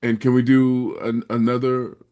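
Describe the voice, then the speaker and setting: A man hosting a podcast, speaking in a gentle, encouraging way with religious phrasing. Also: mid-range voice, little pitch movement, normal speed, clean tone. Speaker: podcast host. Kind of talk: casual interview.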